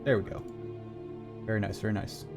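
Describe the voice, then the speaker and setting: A man's voice: lowish voice, fairly even intonation, brisk, gravelly, over music. A man narrating as game master of a tabletop game, loose and rambling with many fillers.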